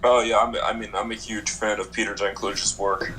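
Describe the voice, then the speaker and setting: A man co-hosting a podcast, chatting in a relaxed, laid-back way. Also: fairly low pitch, normal speed, noisy background. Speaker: podcast co-host. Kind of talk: casual chat.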